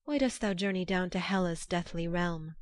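A pale maiden who guards a bridge in a storybook myth, speaking with stately, old-fashioned formality, as a woman reader voices her. Her voice is low and the recording is dry. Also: normal speed, dry recording, natural voice. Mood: solemn. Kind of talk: storybook reading.

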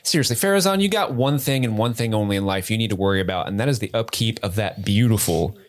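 A man's voice: lowish voice, animated, quick pace. A man co-hosting a podcast, riffing playfully and teasing while recapping a TV episode. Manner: playful, teasing, riffs on jokes. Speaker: podcast co-host. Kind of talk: casual chat recapping a TV episode.

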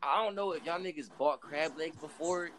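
A man's voice: fairly high pitch, moderate pace, a bit bright, slight background noise, poor audio. A young man chatting casually with friends, full of slang and telling stories. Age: young adult. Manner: slangy, storytelling, repeats "bro".

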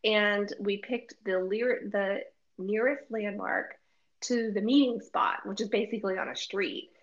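Animated woman telling a travel story. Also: medium pitch, unhurried. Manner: animated, laughing often, acts out quotes. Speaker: podcast co-host. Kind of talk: casual storytelling chat. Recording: dull lo-fi audio.

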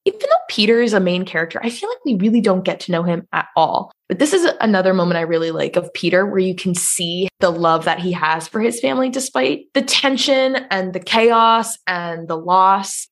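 A woman co-hosting a podcast, recapping a horror film in quick, casual chat with bursts of swearing. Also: medium pitch. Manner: fast, swearing, excitable. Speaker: podcast co-host.

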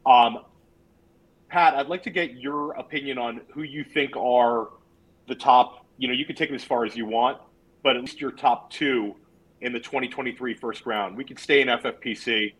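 Husky-voiced man hosting a podcast. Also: medium pitch, steady tone, normal speed, fairly bright tone, rough recording. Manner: leads the panel with questions, many "um"s. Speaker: podcast host. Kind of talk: casual podcast discussion.

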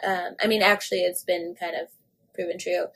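A woman with a slightly husky voice co-hosts a casual podcast. She chats loosely about celebrity news, full of "like" and "you know", and swears freely. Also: fairly low pitch, fairly even intonation, brisk, a bit bright. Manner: chatty, filler-heavy, swears freely. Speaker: podcast co-host. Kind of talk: casual pop-culture chat.

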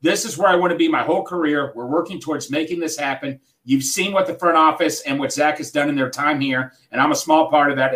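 A man hosting a sports podcast, talking in a rambling, halting way with lots of restarts in casual chat. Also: medium pitch, fairly bright tone. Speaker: podcast host.

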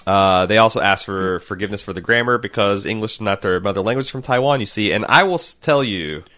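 Rambling, jokey podcast man with a low voice. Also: fast talker, bright, forceful tone. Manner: rambling, jokey, self-interrupting. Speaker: podcast co-host. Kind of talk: casual chat.

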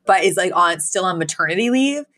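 Speaking fairly quickly in a voice on the low side, this podcast co-host recaps a sitcom episode in relaxed chat. She performs the characters' quotes with lots of animation and frequent laughter.

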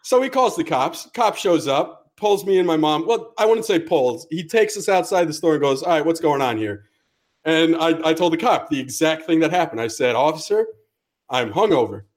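Male podcast co-host, slightly high voice, profane and animated storyteller. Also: moderate pace. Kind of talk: casual storytelling.

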